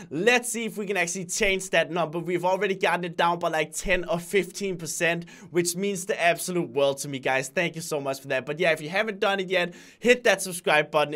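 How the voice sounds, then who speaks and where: A man's voice: high voice, a bit bright. A man talking casually and earnestly to his viewers in a vlog, chatty and often calling them guys. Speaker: YouTuber.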